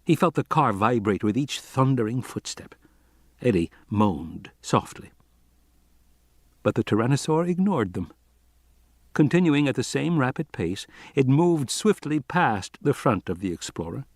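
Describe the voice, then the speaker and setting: A man reading an audiobook aloud in an expressive, lively narrating manner. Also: medium pitch, a little slow, no room sound, clean studio sound. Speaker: audiobook reader.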